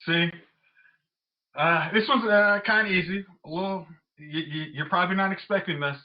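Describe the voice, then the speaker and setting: A man's voice: sits high, moderate pace. A man co-hosting a movie podcast, chatting casually and mimicking people mid-rant. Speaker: podcast co-host. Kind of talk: casual chat. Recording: slightly muffled audio.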